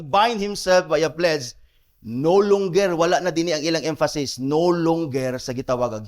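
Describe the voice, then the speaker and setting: A man with a Cebuano Filipino accent preaching a sermon as pastor, mixing English and Cebuano and repeating key phrases for emphasis. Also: high voice.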